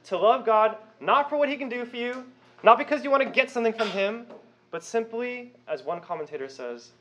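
Young male pastor preaching, higher voice with a lively, swooping delivery, conversational and emphatic. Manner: emphatic, rhetorical questions, conversational asides. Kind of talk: sermon.

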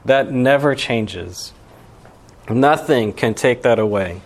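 Preaching at a slow pace with a medium-pitched voice, a young Alabama pastor gives his sermon like a relaxed conversation. He leans heavily on fillers such as "you know" and "right".

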